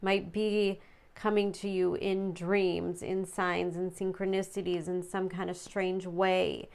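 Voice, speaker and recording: Smooth-voiced woman giving a tarot reading. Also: lowish voice, level tone, slow pace, a little mellow. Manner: chatty, reads card texts aloud, some stumbles. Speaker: tarot reader. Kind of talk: casual tarot reading to viewers.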